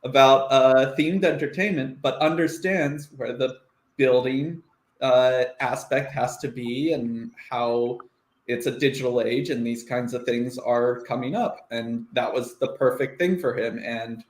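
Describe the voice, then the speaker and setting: A man's voice: medium pitch, steady tone, unhurried. A man with a mid-range voice talks on a panel, rambling and encouraging, with lots of fillers. The sound is roomy and echoey. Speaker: panelist on a live stream. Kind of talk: casual panel talk. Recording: echoey room.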